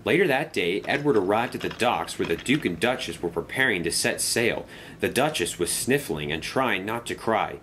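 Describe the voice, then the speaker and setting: Male storybook narrator, middle pitch, lively and expressive. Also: normal speed, a little hiss or hum.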